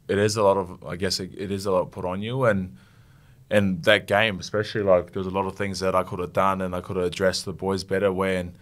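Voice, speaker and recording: A young Australian man, a rugby league captain, talking earnestly and haltingly in an interview, getting emotional. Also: low-pitched. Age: young adult. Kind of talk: casual interview.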